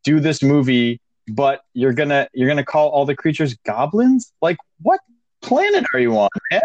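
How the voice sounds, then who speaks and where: A man's voice: on the high side, sing-song, normal speed, slight background noise. A man co-hosting a podcast in casual chat, easygoing and wry. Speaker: podcast co-host. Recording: dull lo-fi sound.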